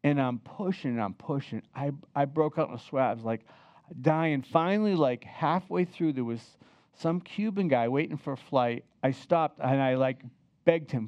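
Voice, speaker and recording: An older man telling a personal travel story in a lively, chatty way, often turning to the listeners to share a memory. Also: medium pitch, moderate pace, dry recording, highs cut off. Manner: animated, chatty, asks the listeners to remember with him.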